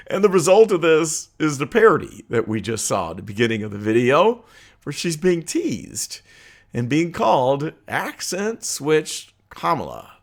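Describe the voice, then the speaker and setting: A man hosting his own political commentary vlog, talking earnestly and conversationally with frequent uh and um pauses. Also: on the high side, very animated. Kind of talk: opinion vlog monologue.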